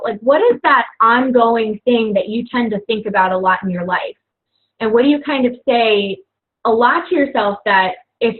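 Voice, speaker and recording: A young woman coach talking casually and earnestly to fellow coaches, rambling with lots of "you know" and "like". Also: fairly high pitch. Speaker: fitness coach. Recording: tinny phone-like audio.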